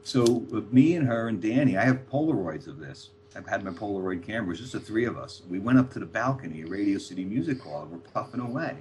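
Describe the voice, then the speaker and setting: Older guy spinning stories, lowish voice, acts out the quotes, faint hum behind. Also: quick pace, hardly any pauses. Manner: animated anecdote teller, acting out quoted voices. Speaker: author guest. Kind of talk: storytelling anecdotes.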